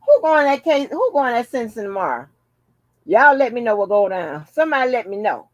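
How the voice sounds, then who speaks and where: Woman, vlog host, casual commentary, blunt, profane, joking, fairly high voice, lively pitch. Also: brisk, dry recording. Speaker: channel host.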